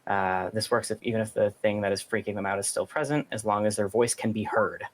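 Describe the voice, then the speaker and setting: A man as game master, explaining rules and narrating in a halting, explanatory way. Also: on the low side, steady tone.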